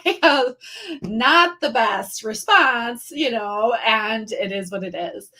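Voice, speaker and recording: A middle-aged woman with a sharp, fairly high voice runs a live-streamed online training at a moderate pace. She talks casually, with lots of fillers and restarts, and greets viewers by name.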